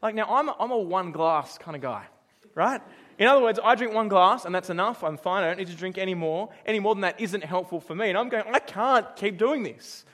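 A man's voice: high voice, animated, fast talker, fairly bright tone. A middle-aged man preaching a sermon in a conversational, storytelling way, asking his congregation questions as he goes. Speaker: pastor.

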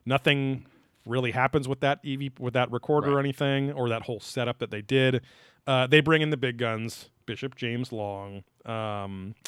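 A young man talks through an episode in easy, joking podcast chatter, full of fillers and quick laughs. His voice sits in a plain middle register. The recording is close and dry, with no room sound around it. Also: medium pitch, fairly even intonation, a bit bright, clear, resonant tone, dry recording. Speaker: podcast co-host. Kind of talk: casual chat recapping a TV episode.

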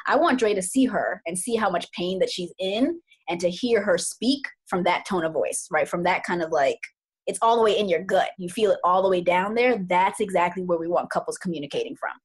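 A woman's voice: fairly low pitch, a little fast, breathy edge. A woman couples therapist talking through her approach in a casual podcast chat, earnest and thoughtful, often repeating words for emphasis.

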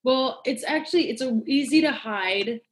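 A woman guesting on a casual podcast chat, blunt and giggly, often trailing off softly. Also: on the high side, moderate pace.

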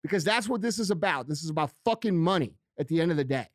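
A man's voice: on the high side, lively intonation, fast, no echo, clean studio sound. A man delivering a heated, profane rant on his own show, hammering his points by repeating them. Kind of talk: angry ranting monologue.

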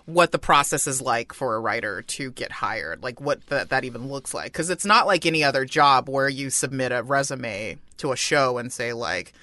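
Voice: mid-range voice, animated, normal speed, hardly any pauses, bright, forceful tone, dry recording. A podcast co-host in casual chat, explaining loosely with lots of fillers.

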